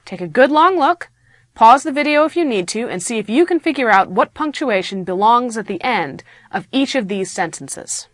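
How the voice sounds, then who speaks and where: A woman teaching an online grammar lesson in a playful, animated way, acting out her example sentences. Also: a little high, normal speed, no room sound. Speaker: grammar instructor.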